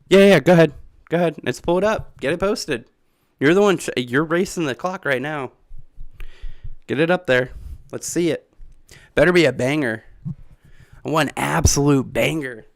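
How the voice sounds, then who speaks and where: A man's voice: fairly high pitch, gravelly, no room sound, studio quality. A man streaming live, rambling through a game theory and chatting with his viewers, often laughing. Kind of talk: casual live-stream chat.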